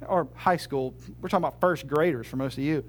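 A man's voice: on the high side, brisk. A male pastor preaching a sermon in a conversational, humorous way, full of rhetorical questions.

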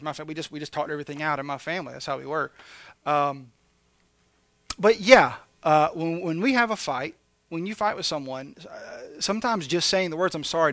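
A man's voice: on the high side, a bit bright, no room sound. A man preaching a conversational sermon with jokey asides, talking candidly and animatedly to his congregation. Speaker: pastor.

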